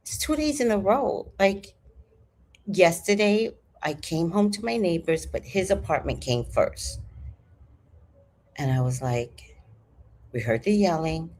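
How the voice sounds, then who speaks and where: A woman in her fifties telling a story to her viewers in an animated, chatty way, swearing freely. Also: fairly low pitch, slow pace, long pauses. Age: 50s. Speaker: vlogger. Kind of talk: casual storytelling to camera.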